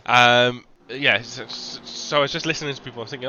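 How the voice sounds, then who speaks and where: A man commentating a sim racing stream in a relaxed, chatty way, with lots of ums and restarts. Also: mid-range voice, fast talker, highs cut off. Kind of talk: casual live-stream commentary. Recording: noticeable background noise.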